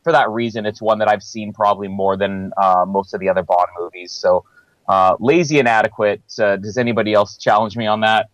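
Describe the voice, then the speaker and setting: A man's voice: on the low side, steady tone, fairly quick, no echo, dull audio. A man co-hosting a film review podcast in a casual chat, laughing between phrases and using lots of fillers. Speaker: podcast co-host.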